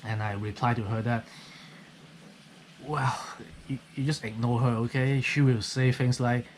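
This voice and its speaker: Male vlogger, loose rambly delivery, middle pitch, faint rain in the background. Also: steady tone, unhurried, slight background noise. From Hong Kong. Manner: rambling, keeps tagging "okay?". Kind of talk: casual monologue. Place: guest house on a rainy night.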